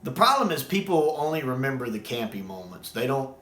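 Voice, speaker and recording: A man's voice: mid-range voice, a little fast, echoey room, slight background noise. A man from the United States, enthusiastically discussing a sci-fi show in casual talk and acting out quoted scenes. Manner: excited, quotes scenes in acted voices.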